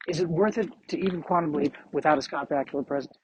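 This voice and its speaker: A man's voice: fairly high pitch, fast, a little hiss or hum. A man hosting a solo podcast while walking outdoors, talking in meandering, self-deprecating musings. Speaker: podcast host. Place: outdoors on a street. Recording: muffled lo-fi outdoor recording.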